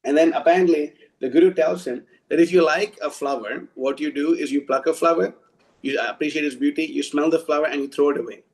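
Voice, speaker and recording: A man's voice: fairly high pitch, fairly quick, a little mellow, low-quality recording. A man giving an informal devotional talk, blunt and scolding, often restarting his sentences. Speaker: devotional preacher.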